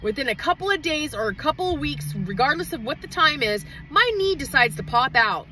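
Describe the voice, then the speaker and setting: High bright-voiced woman ranting profanely. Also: lively intonation, slight background noise, low-quality recording. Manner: heated, profane, rapid outbursts. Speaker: mother livestreaming an update. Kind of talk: emotional livestream rant. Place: inside her parked truck in a parking lot. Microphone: phone livestream.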